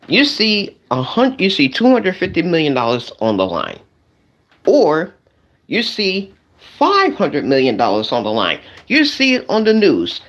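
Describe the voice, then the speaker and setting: Male streamer doing a comic rant to his chat, voice swinging up and down a lot, keeps repeating himself. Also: a little high. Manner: animated, repetitive, addresses the audience directly. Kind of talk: comedic rant to a live chat.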